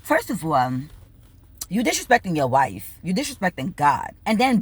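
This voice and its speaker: A woman telling a story in a casual rant, animated and bubbly, swearing freely and acting out both sides of conversations, laughing now and then. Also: on the low side, normal speed, breathy edge. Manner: bubbly, laughs between lines. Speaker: vlogger.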